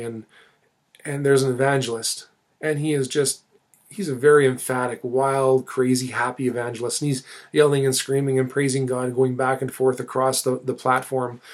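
Earnest man telling a halting testimony. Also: medium pitch, flat delivery. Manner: earnest, halting, with many restarts and fillers. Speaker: church minister telling his testimony. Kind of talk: personal testimony, storytelling.

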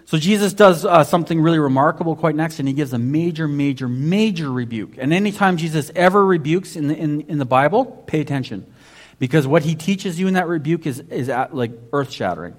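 A man's voice: a little high, expressive, fairly quick. A man preaching a sermon in a conversational way, often restarting and saying "basically". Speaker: pastor.

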